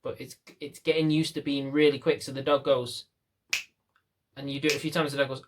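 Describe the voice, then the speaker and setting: A man's voice: medium pitch, level tone, brisk, background noise. A young man, a dog trainer, talking casually to camera in a blunt, rambling, self-mocking way.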